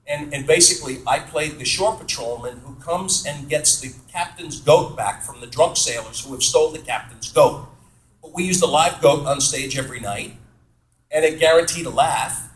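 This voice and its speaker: A man from New York State, an actor, telling stories casually to fans at a Q&A. He is chatty and animated, pokes fun at himself, and acts out the voices of people he quotes. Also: a little high, moderate pace, slight background noise. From New York State, USA. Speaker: actor answering fan questions. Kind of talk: casual storytelling at a Q&A panel. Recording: roomy echo of a hall.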